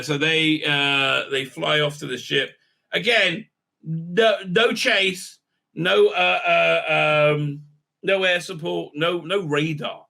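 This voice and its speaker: Gravelly, sharp-toned man ranting. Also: on the high side. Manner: exasperated, sarcastic, lots of "uh" fillers. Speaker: YouTube reviewer. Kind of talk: ranting episode recap.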